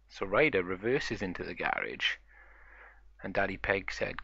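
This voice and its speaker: A man's voice: low voice, sing-song, measured pace, vocal fry, pushed and bright, husky, no echo, dull audio. A man narrating a toy play story in a chatty, run-on way.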